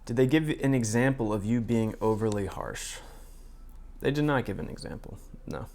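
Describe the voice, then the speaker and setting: A man's voice: mid-range voice, moderate pace, a little mellow, a little hiss or hum. A man hosting casual political commentary, reading articles and quotes aloud in his own plain voice with sardonic asides. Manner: frequent fillers and restarts, asides.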